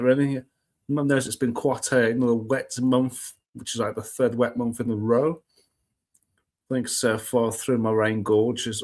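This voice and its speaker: A man hosting a casual weather live stream from home, chatty and self-mocking, greeting viewers one by one. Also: mid-range voice. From United Kingdom. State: just over a cold. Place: home room with cats and laptop. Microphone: laptop live stream.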